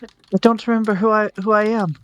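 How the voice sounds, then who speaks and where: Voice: mid-range voice, flat delivery, quick pace, clean tone, pitched above the performer's own voice, lightly acted. A game master voicing a stammering lost ghost knight. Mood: lost, pleading. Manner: stammering, hesitant. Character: confused amnesiac ghost knight in plate armor.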